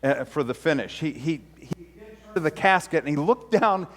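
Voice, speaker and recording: High-pitched guy preaching, storytelling style, big echoey church sound. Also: lively intonation, moderate pace. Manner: storytelling, acts out quoted preacher with rising intensity. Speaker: pastor. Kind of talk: sermon. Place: church sanctuary.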